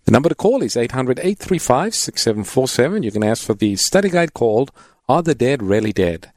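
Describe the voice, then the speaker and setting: Male pastor co-host, calm and teacherly, dry studio sound. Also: mid-range voice, brisk, no room sound. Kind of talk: call-in radio Bible answers.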